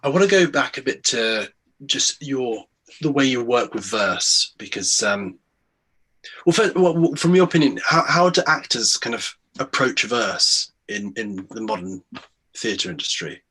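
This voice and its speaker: Hesitant young man with a husky voice. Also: mid-range voice, expressive, a little slow, pushed and bright. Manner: hesitant, with restarts. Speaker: interviewer. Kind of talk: conversational interview.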